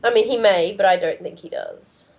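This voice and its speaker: A woman's voice: mid-range voice, moderate pace. Rambling woman podcaster, muffled audio. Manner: rambling, many "like" fillers. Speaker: podcast host. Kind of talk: casual chat.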